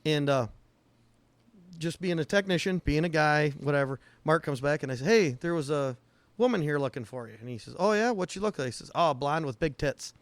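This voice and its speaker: Higher-pitched man telling shop stories. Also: a little fast, no room sound. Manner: rambling anecdotes with acted-out quotes. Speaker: podcast co-host, auto technician. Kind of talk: casual storytelling chat.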